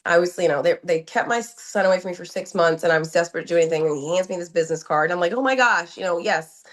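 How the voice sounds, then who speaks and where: A woman's voice: fairly low pitch, steady tone, rapid-fire. A woman from New Jersey, a podcast guest, telling her story in an urgent, emotional way, full of restarts, repeated words and quoted dialogue. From New Jersey, USA.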